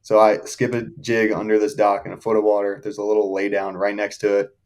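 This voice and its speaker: A young man with a lowish voice tells his fishing stories as a podcast guest. He talks casually and excitedly and laughs through his stories. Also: a little fast. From Shenandoah Valley, Virginia. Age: young adult. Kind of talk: casual storytelling.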